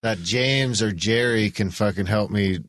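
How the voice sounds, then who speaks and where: A man's voice: on the low side, a little slow, fairly bright tone, no room sound, clean studio sound. A man hosting a podcast in casual chat, rambling and swearing freely. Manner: rambling, swears often, restarts a lot. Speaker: podcast host.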